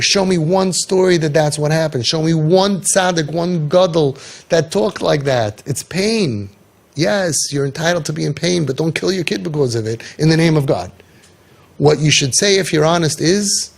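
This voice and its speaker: A man's voice: on the high side, moderate pace, creaky. A man coaching parents in an impassioned talk, telling stories and firing off rhetorical questions with emphasis.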